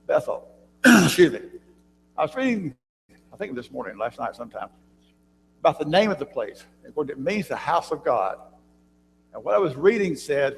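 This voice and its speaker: A gravelly, slightly high-voiced man teaches a church Bible class conversationally, quizzing the class with questions. He clears his throat and restarts frequently, and the church room is reverberant with a faint hum.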